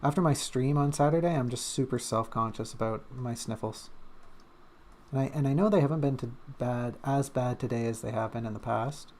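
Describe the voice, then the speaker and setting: Rambling streamer with a gravelly voice. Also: mid-range voice, normal speed, darkish tone. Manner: rambling and self-mocking, with many fillers and little hums. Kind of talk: casual rambling stream chat while drawing. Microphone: desk streaming mic.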